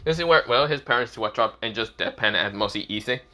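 A man's voice: mid-range voice, lively intonation, quick pace, sharp tone. A man casually retelling a fan story, rambling and swearing, laughing at his own lines.

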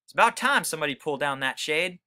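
A man's voice: on the high side, animated, quick pace, sharp tone, clear, resonant tone, voice pushed up. Stuart Little, read by a man, dry and matter-of-fact. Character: tiny dry-witted mouse-sized boy.

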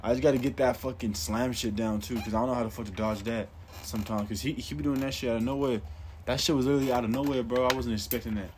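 A man's voice: medium pitch, fairly even intonation, fast talker, darkish tone, a little hiss or hum. A young man giving casual, profane commentary while playing a hard game, getting more and more frustrated. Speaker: gameplay streamer.

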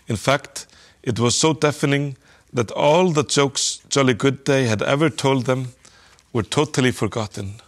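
Man calmly reading a children's story. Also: medium pitch. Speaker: narrator.

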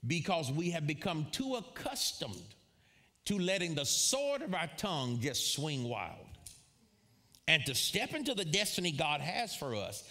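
A man preaching a sermon to a live congregation, telling a personal story with frequent laughter and lively asides. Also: fairly high pitch, measured pace. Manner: animated storyteller, laughs often, calls out to congregation. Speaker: pastor. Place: church before a live congregation.

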